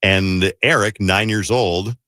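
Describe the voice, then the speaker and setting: Man, morning radio host, low pitch, bright tone, dry studio sound, casual banter. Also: fairly even intonation, takes it slowly, dry recording. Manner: jokey, teasing.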